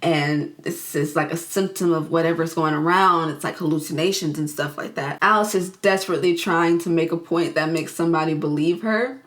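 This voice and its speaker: A woman's voice: low-pitched, brisk, few pauses. Chatty young woman recapping a movie. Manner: animated, acts out characters' lines in quoted voices. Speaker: movie reviewer.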